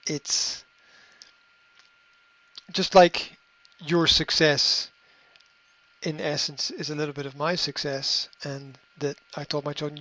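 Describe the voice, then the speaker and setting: A middle-aged man hosting a podcast, giving a motivational monologue in a halting way, repeating words and filling pauses with ums. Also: on the high side, level tone, pushed and bright. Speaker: podcast host. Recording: slightly dull lo-fi audio.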